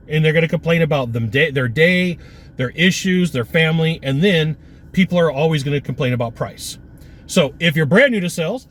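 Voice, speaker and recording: A man giving an energetic, punchy sales coaching talk with lots of repetition. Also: on the high side, a little fast, a little hiss or hum.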